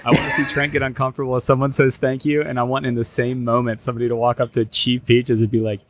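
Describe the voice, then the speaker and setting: A man's voice: medium pitch, flat delivery, fast, slight background noise. A middle-aged man hosting a podcast, talking earnestly in casual chat with lots of restarts. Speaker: podcast host.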